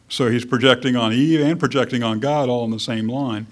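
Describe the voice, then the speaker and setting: A man's voice: medium pitch, fairly quick, few pauses. Casual, self-correcting male preacher. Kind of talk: conversational sermon.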